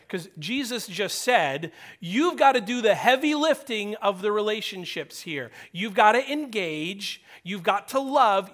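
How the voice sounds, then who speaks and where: A man preaching a sermon in a high, lively voice. He urges his listeners loudly, then drops to a near-whisper, and he acts out the voices he quotes while asking the room direct questions. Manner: animated preaching, swings from loud urging to hushed near-whisper. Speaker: pastor.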